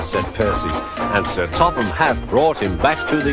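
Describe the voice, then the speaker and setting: A man narrating a children's storybook in a gentle, clear storytelling manner. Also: fairly low pitch, lively intonation, moderate pace. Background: background music.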